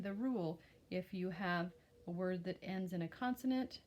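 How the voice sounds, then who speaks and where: A woman's voice: mid-range voice, darkish tone. A young American woman teaching a phonics lesson to young children, patiently sounding out each word. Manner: slow, patient, sounds out words.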